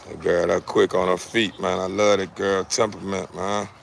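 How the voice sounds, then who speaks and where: A man's voice: deep voice, level tone, normal speed, gravelly, slight background noise. A man, casually showing off his dogs in an outdoor yard, repeating himself and calling to them. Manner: laid-back, repeats phrases, talks to his dogs. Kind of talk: casual vlog narration. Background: dogs playing.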